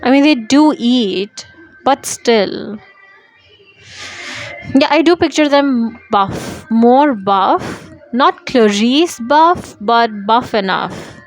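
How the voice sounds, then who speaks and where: A woman's voice: on the high side, lively intonation, very slow, dry recording, soft background music. A woman reading a novel aloud and breaking off for casual, opinionated asides to her listeners. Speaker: book reader.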